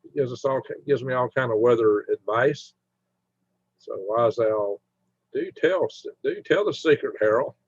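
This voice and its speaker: A man's voice: mid-range voice, normal speed, dry recording. A man hosting a casual live stream, rambling as he chats with viewers and humming to himself. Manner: rambling, chatty, hums to himself while browsing. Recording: dull lo-fi mic sound.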